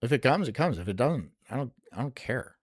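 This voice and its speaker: A streamer rants through a casual live-stream reaction, swearing freely and breaking into laughs. The pitch swings widely from remark to remark, and the sound is close and dry with no room around it. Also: big pitch swings, a little fast, slightly rough, no room sound. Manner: profane, ranting and venting with frequent swearing; laughs often between remarks.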